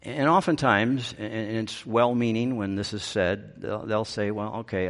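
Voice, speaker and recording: Male pastor, middle-aged, low-pitched; sermon delivery, builds to emphatic peaks, wry asides. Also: fairly even intonation, normal speed. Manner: rises to emphatic peaks, dry self-aware humor.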